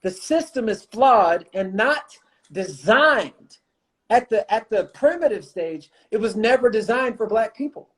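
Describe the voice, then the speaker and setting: A man's voice: high-pitched, animated, a little slow. Passionate man, repeating lines for emphasis. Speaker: guest, motivational speaker and coach. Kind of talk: impassioned conversation on a livestream. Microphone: phone or computer mic on a livestream.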